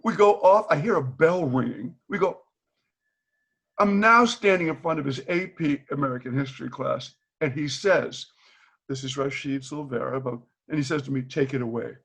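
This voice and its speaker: With vocal fry and a breathy edge, a fairly high-pitched man talks at normal speed. He's an older retired teacher from Boston, a video call guest telling candid stories, animatedly voicing the dialogue in them and laughing frequently.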